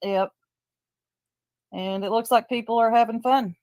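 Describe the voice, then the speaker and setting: A woman's voice: on the high side, fairly even intonation, a little slow, a little mellow. Blunt Southern woman streamer. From Tennessee. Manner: blunt, gossipy, laughs often. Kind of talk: casual livestream commentary.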